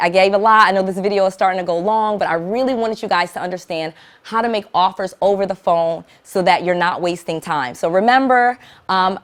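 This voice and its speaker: A woman coaching viewers on real estate investing in an upbeat, emphatic teaching vlog, speaking plainly and checking in often with "okay?". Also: medium pitch. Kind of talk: direct-to-camera teaching vlog.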